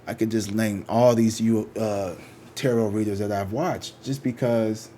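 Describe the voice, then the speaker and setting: Casual male tarot reader, low voice, loose and slangy, swears freely. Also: steady tone, unhurried, warm tone, a little hiss or hum. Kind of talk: casual rambling chat to viewers.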